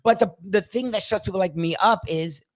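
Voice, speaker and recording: A man's voice: high voice, fairly quick, no room sound. A man co-hosting a casual sports talk show, speaking bluntly and emphatically with frequent swearing.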